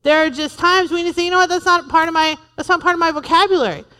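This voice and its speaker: High pitched woman preaching, funny and punchy, repeats herself, echoey church hall. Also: fairly even intonation, fast, pushed and bright. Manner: humorous, emphatic, repeats lines. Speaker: pastor's wife preaching. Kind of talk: sermon.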